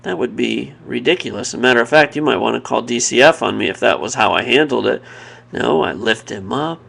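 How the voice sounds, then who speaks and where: A man with a heavily gravelly, fry-laden voice speaks in a personal devotional talk. His voice sits at a middling pitch. He is earnest and reflective, often pausing and restarting his thoughts. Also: fairly bright tone. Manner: pauses and restarts mid-thought.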